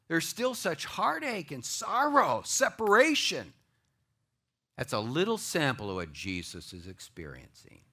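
A man preaching a sermon to a church audience, swinging between loud declarations and hushed asides. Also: medium pitch. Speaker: pastor.

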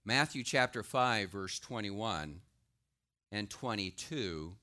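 A middle-aged man, a pastor, preaching a sermon in a lively way and acting out the voices he quotes. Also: on the low side, takes it slowly. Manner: animated, acts out quoted voices.

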